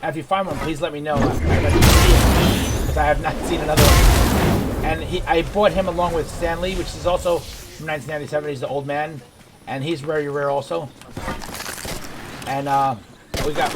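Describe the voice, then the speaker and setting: A man's voice: a little high, fairly even intonation, a little fast. A man giving rambling, digressive commentary while he plays a game. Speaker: gaming video creator. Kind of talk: casual gameplay commentary. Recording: background noise.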